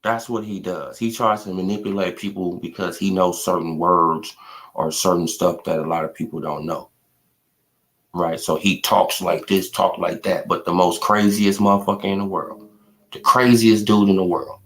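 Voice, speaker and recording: Bright-voiced man ranting on a stream. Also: deep voice, steady tone, normal speed. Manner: trash-talking, repetitive, bursts into loud laughter. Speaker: boxing commentary streamer. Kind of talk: animated casual live-stream rant.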